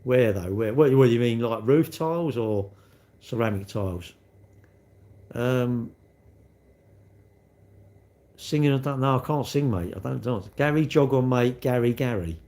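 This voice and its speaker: A man's voice: mid-range voice, a little slow, long pauses, dark tone. A man, chatting casually on a live stream and answering his chat with cheeky, rambling banter. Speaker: livestreamer reading chat.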